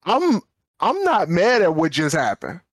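Animated man telling a story on a podcast. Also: on the high side, measured pace, no echo. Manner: animated storyteller, acts out quoted dialogue, repeats words when fired up. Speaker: podcast co-host. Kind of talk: casual storytelling chat.

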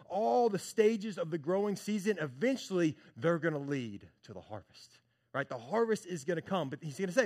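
A man preaching a sermon, talking conversationally to his congregation and swinging from hushed moments to loud bursts. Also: fairly high pitch. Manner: conversational, addresses congregation as church and y'all. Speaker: pastor.

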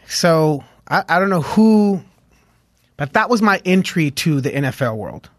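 A man from Los Angeles, a guest musician, chatting in an interview and telling stories in an animated way with many "like"s. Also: on the high side, a little slow, no room sound, studio quality. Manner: animated storyteller, heavy on "like", hums tunes aloud. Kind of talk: casual interview chat.

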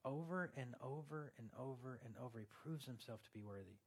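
A man's voice: medium pitch, brisk, breathy edge. A male pastor preaching a sermon in a conversational way, turning earnest and emphatic, with joking asides to the congregation.

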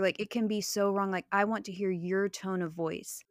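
A woman's voice: medium pitch, steady tone, moderate pace, hardly any pauses, no echo, clean studio sound. A woman in her thirties co-hosting a faith podcast, speaking earnestly and reflectively from personal experience. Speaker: podcast co-host.

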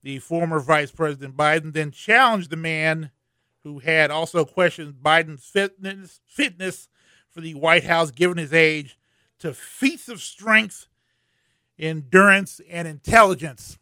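A man's voice: on the high side, measured pace, sharp tone, dry recording, clean studio sound. A man doing comedic news commentary, rambling and profane, with lots of fillers.

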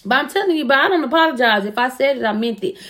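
A woman's voice: high voice, animated, racing, a bit bright. A young woman telling personal stories in casual chat, blunt and profane, often laughing. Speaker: podcast guest.

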